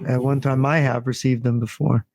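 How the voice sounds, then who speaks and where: A man's voice: medium pitch, flat delivery, normal speed, creaky, darkish tone, dry recording, clean studio sound. A man on a podcast asking questions and agreeing in short replies, in casual conversation.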